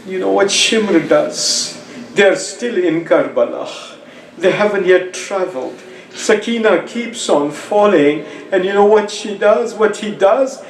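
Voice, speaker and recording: A male preacher delivering a mourning sermon, emotive and slow, with moments where he rises to cries. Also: high-pitched, distant mic. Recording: echoey room.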